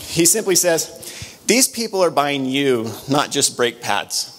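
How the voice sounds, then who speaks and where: A middle-aged man speaks at a conference in a slightly high voice. He tells stories with energy and often restarts his sentences. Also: unhurried. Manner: storytelling, animated, with frequent restarts. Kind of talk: motivational conference talk with anecdotes. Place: conference room.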